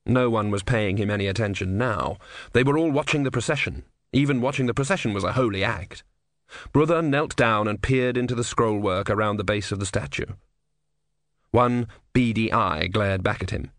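A man's voice: fairly low pitch, normal speed, a bit bright, dry recording. A man narrating a comic fantasy audiobook with dry, wry delivery.

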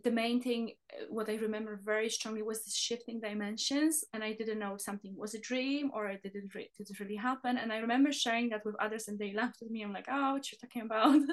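A woman with a slightly raised pitch tells her stories with lively animation, slipping into the voices of the people she quotes and breaking into laughter. The tone is a warm, casual spiritual chat between podcast co-hosts. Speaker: podcast co-host.

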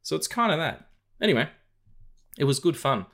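Rambling podcast co-host. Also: male voice, a little high, very animated, normal speed, vocal fry, fairly bright tone. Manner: rambling, many fillers and restarts. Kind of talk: casual film podcast chat.

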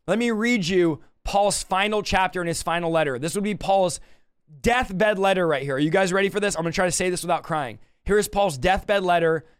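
A man's voice: high-pitched, a little fast, clean tone, no echo. A man teaching and preaching on a livestream, emotional and close to tears, ending in fervent prayer. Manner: emotional, exclaiming, near tears.

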